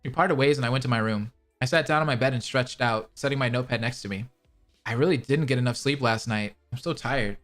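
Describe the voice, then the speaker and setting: A man's voice: medium pitch, fast, fairly bright tone, soft background music, natural voice. A man reading aloud as a tired, kind older woman narrating her own story in the first person.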